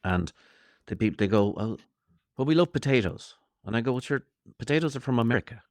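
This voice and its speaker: Fast-talking Irish man, jokey and rambling. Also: medium pitch, lively intonation, no room sound. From Ireland. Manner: jokey, rambling, playful asides; acts out quoted voices. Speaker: comedian guest. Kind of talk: animated interview chat.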